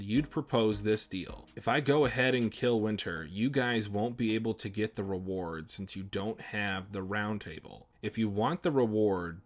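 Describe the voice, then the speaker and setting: A man hosting a manga reaction, reading the character dialogue aloud and breaking off into chatty remarks. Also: fairly low pitch.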